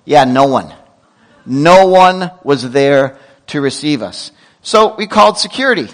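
High-voiced animated male pastor. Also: a little slow, low-quality recording. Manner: animated storytelling with self-corrections and asides. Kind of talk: sermon.

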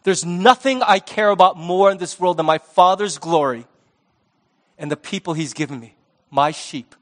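A man voicing Jesus as a gentle man restoring a friend, speaking softly and low. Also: normal speed, long reverb tail, close to an everyday voice. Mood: tender.

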